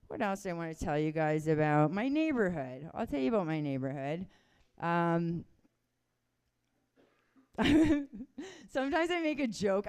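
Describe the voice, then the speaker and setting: A woman's voice: lowish voice, a little mellow, clear, resonant tone. Rambling Canadian woman doing stand-up. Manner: casual, rambling, self-deprecating, with chuckles. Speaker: stand-up comedian. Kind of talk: stand-up comedy set.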